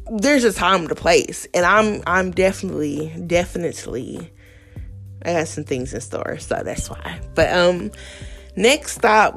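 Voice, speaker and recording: A young adult woman hosting a solo podcast, talking candidly and profanely in a casual, animated way. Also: mid-range voice. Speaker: podcast host.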